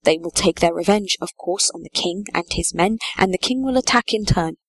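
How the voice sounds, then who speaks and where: A woman reading the part of a tired, heavy-hearted medieval sheriff, speaking quietly and gravely. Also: fairly low pitch, moderate pace, no echo, lightly acted. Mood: grim. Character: weary grim medieval sheriff, man, middle-aged.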